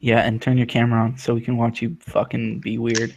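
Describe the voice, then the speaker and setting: A man's voice: medium pitch, monotone, brisk, creaky, crowd noise. A man cutting into an online voice chat with dry wisecracks. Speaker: gamer in voice chat. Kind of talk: casual chat. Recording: chat mic with clicking noise.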